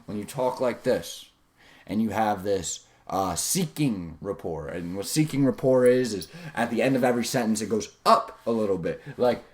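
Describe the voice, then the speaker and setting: Animated man giving a motivational talk. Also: moderate pace. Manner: animated, swings pitch up and down for emphasis; casual, slangy, with guided visualizations. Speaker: self-improvement video host.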